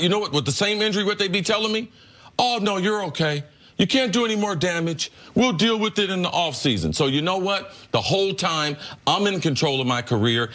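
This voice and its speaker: A man's voice: a little high, fairly bright tone. A man and former pro football player arguing emphatically on a sports debate show, firing off rhetorical questions.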